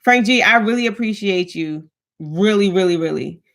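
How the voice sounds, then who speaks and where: Bright, chatty woman live-streaming. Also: medium pitch, normal speed. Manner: chatty, greets viewers by name, laughs often. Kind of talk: casual live-stream chat with viewers. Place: home, in front of lights.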